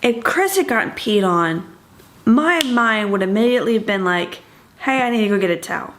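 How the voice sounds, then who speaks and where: A woman of middle pitch co-hosting a casual podcast. She tells a story in a chatty, rambling way, full of little fillers and restarts. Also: animated, normal speed. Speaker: podcast co-host.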